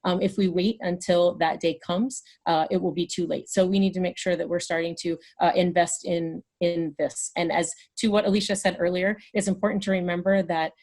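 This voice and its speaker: A woman's voice: lowish voice, flat delivery, a little fast, hardly any pauses, a little mellow. A woman running for city council, answering on a video call in a hesitant way full of fillers. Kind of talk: candidate forum answer.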